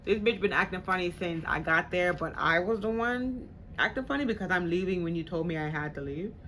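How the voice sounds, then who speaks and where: A woman's voice: fairly low pitch, animated, a little fast, fairly bright tone, a little hiss or hum. A woman vlogger telling a personal story in casual, slangy talk. She swears freely and acts out the people she quotes.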